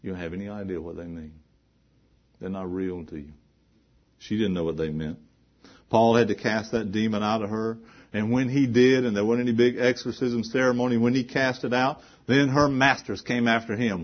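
A male preacher with a low voice and fairly even intonation delivers a sermon at a moderate pace, moving from quiet, earnest talk to loud emphasis and posing rhetorical questions to the congregation, on a muffled recording.

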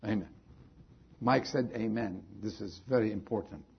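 A man's voice: on the low side, moderate pace, gravelly, dull audio, slight background noise. A man preaching a sermon, earnestly repeating rhetorical questions to his congregation, in slightly non-native phrasing. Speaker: pastor.

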